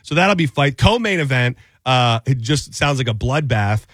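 A man hosting a radio show, chatting casually and giving shout-outs to listeners. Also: medium pitch, expressive, normal speed, no room sound.

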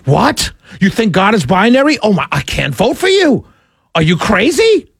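A man's voice: high voice, wildly swooping pitch, moderate pace, vocal fry, breathy edge, no room sound, clean studio sound. A man giving ranting commentary to his audience, exasperated and incredulous, often stammering and laughing in disbelief. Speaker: political commentator.

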